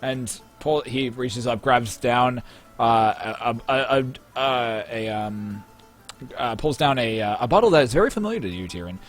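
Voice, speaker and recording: A young man narrating a tabletop game as game master, halting often and restarting his sentences. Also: mid-range voice. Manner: halting, many fillers and restarts. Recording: faint music behind.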